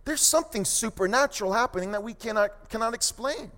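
A man preaching a sermon as pastor, emphatic, with quick asides and slow, stressed phrases. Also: very high voice, animated, fairly bright tone. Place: church sanctuary. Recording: long hall reverb.

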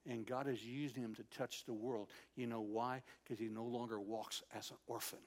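An older man preaching a sermon in an animated storytelling way, dropping to a soft, tender voice when he quotes God. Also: mid-range voice, moderate pace.

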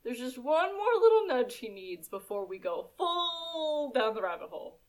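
A woman's voice: high voice, big pitch swings, normal speed. A young woman co-hosting a podcast, talking through a TV episode in a casual, thoughtful way with many fillers. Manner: thoughtful, filler-heavy, chatty asides. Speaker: podcast co-host. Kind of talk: casual TV recap chat.

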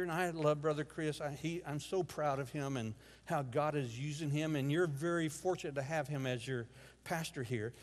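A man delivers an emotional sermon in a church, his fairly high voice dropping to hushed lines and then rising to loud exclamations. The sound carries a long reverb from the sanctuary around him. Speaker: guest preacher.

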